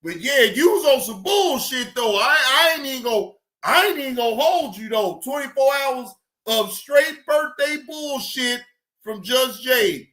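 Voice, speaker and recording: A man ranting loudly on a livestream, shouting and cursing as he retells chat exchanges. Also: very high-pitched, lively intonation, unhurried, echoey room. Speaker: streamer reacting to clips. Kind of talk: loud profane livestream rant.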